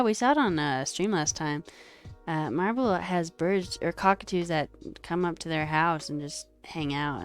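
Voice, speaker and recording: A woman livestreamer chats casually with her viewers between bits of coding. Her voice sits on the low side and her talk is loose, full of fillers and the odd swear. Faint music plays softly underneath. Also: clear, resonant tone. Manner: chatty and animated, lots of fillers and casual swearing. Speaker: streamer coding a website.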